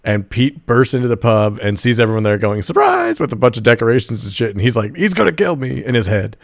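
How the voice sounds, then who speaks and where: A man's voice: mid-range voice, quick pace, no room sound, studio quality. A man co-hosting a casual movie podcast, retelling scenes with quoted lines and swearing. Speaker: podcast co-host.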